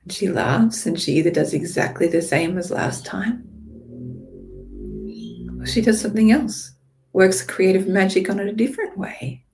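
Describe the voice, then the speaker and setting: A woman guides a visualization in a drifting, playful way. Her voice sits at an ordinary middle pitch and carries a gravelly fry. She moves between calm imagery and casual swearing. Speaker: meditation guide.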